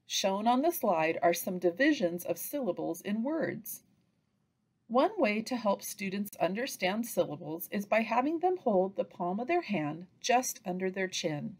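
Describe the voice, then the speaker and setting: A woman giving an instructional training narration for early reading teachers, pausing to chant example phrases. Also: medium pitch. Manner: slow, lively delivery with chanted example phrases.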